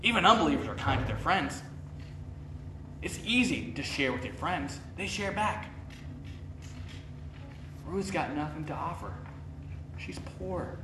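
A man's voice: on the high side, lively intonation, unhurried, long pauses, far from the mic, background noise. Man preaching in an echoey church. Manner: conversational preaching, rising emphatic questions, acts out quoted speech. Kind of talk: sermon. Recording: roomy echo, voice from off-mic.

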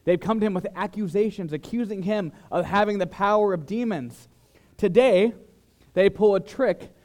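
A man preaching a sermon, who swings between loud, emphatic lines and quiet, dropped asides. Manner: dramatic shifts in loudness, mimics flatterers in higher voice. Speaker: pastor.

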